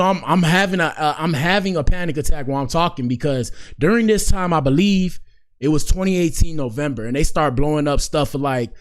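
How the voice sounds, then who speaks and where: Soft-spoken guy in his 20s, podcast host rambling thru a story, lots of slang and repeats. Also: on the high side. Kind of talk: casual storytelling.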